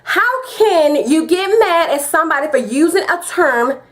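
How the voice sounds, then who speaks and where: A woman's voice: high voice, lively intonation, normal speed, a bit bright. A woman vlogger giving her opinion in an emphatic, direct way. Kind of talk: opinion vlog.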